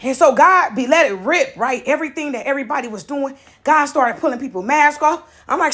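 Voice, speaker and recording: High-voiced animated woman storyteller. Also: fairly quick, few pauses. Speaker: preacher storyteller. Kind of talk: casual spiritual testimony.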